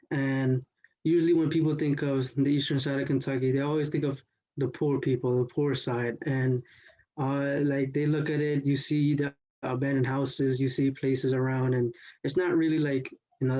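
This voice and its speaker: Flat-toned teenage boy, dull lo-fi sound. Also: mid-range voice. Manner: loose, full of "like" and "you know". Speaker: student storyteller. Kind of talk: retelling a partner's story in first person.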